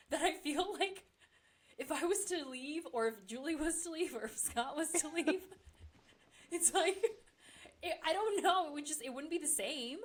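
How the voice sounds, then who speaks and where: A woman chatting casually as a podcast guest, laughing often and using many fillers. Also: high-pitched. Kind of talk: casual chat.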